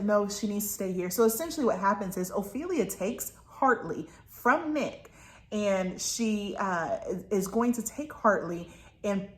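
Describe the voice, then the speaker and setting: A woman's voice: mid-range voice, a bit bright. A woman talking casually about a book she is reading, rambling with lots of asides and fillers. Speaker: book reviewer. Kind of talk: casual book review chat. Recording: roomy echo.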